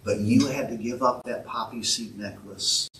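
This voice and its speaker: Tender father, soft and hushed, voiced by a male preacher, faint noise, distant mic. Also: medium pitch, fairly even intonation, moderate pace, lightly acted. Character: tender loving father of a girl. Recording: echoey church room from a distance.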